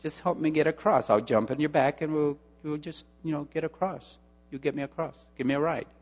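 A man's voice: on the high side, fairly quick, darkish tone, dull audio, lightly acted. A man voicing a sly scorpion in a fable, coaxing and persuasive, in a hall with long reverb and a mains hum. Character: sly scorpion pleading for a ride.

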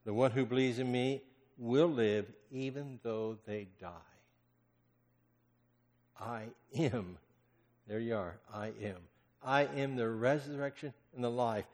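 A male pastor delivers a sermon in a large sanctuary, his voice trailing off into a long hall reverb. He swings from loud impassioned cries to hushed murmurs, with a mid-range pitch. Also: slow.

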